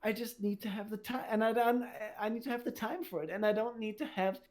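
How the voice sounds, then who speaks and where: A woman's voice: fairly high pitch, fairly even intonation, fast, darkish tone. A woman in casual podcast talk, venting her frustration with a lot of swearing. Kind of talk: casual chat.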